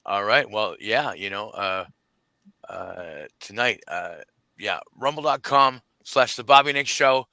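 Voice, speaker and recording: A man's voice: fairly low pitch, lively intonation, measured pace, gravelly, bright, forceful tone, no room sound. A man on a livestream rambling through plugs for his shows, hesitant with many fillers. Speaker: guest podcaster. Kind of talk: casual chat, plugging shows.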